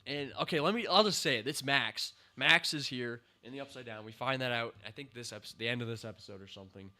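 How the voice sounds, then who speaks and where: Guy doing a loose rant, sharp bright voice, lots of uh and like, sarcastic. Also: medium pitch, fast talker. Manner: rambling, sarcastic, full of fillers and incredulous outbursts. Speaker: show reviewer. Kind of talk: casual spoken commentary.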